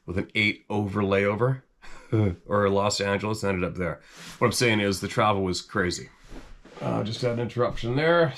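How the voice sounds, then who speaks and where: A middle-aged Canadian man with a stuffy head cold, chatting casually to camera in a rambling, animated way. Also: sits low, vocal fry. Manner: rambling and animated, chuckles often, voice jumps up when quoting himself. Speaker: hunting channel host.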